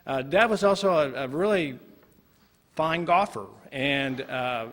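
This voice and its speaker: A man's voice: fairly high pitch, expressive, measured pace, fairly bright tone. Man giving an earnest tribute in a hall. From Oklahoma. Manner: earnest, reminiscing, some hesitation. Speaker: son giving a family tribute. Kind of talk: speech at an induction ceremony. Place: ceremony hall. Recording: long reverb of a hall.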